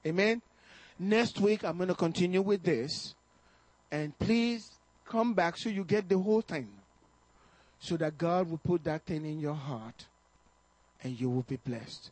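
A male pastor preaching a fervent sermon to his congregation, exhorting them with bursts of shouting and chuckles. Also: high voice, unhurried, no echo. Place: church service.

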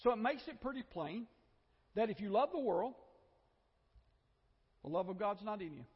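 Male Southern preacher, husky tone, animated delivery, chatty with asides; echoey, muffled church hall sound. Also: high voice, normal speed. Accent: Southern American. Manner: conversational, with joking asides and repeated phrases. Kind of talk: sermon.

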